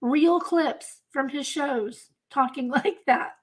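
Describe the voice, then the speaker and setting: A woman's voice: high voice, slow pace. A woman hosting a crime channel livestream. She talks casually to her chat, in an emphatic, exasperated way, and she repeats herself for effect. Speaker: host of a crime-case channel.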